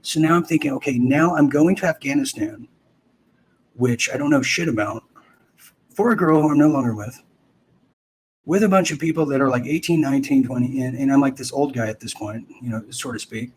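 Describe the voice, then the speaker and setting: A man's voice: medium pitch, brisk, darkish tone, a little hiss or hum. A man in his thirties hosting, telling a personal story in a rambling way with many restarts and asides. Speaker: host. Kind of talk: casual storytelling.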